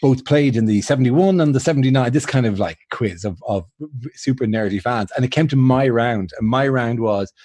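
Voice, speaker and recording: A man's voice: medium pitch, moderate pace, a little mellow, dry recording. A man telling stories in an easy, rambling way, often laughing at himself and stopping to restart his sentences. His voice sits in a middle register and sounds dry and close, with no room around it. Laid-back chat over a video call. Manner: rambling, self-mocking storytelling with frequent laughs and restarts. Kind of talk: casual chat on a charity livestream.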